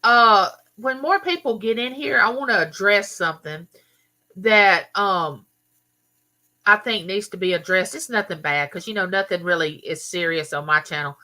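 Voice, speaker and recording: Bright-voiced Southern woman hosting a live chat. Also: medium pitch, moderate pace. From Mississippi. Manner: chatty, greets viewers by name, lingers on words. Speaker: livestream host. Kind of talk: casual live chat with viewers.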